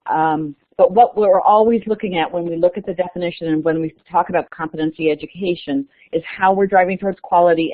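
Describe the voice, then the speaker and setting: Woman talking through slides on a call, lowish voice, relaxed and chatty, tinny. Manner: chatty, with fillers. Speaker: lead author presenting. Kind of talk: webinar presentation. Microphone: conference call line. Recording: tinny phone-line audio.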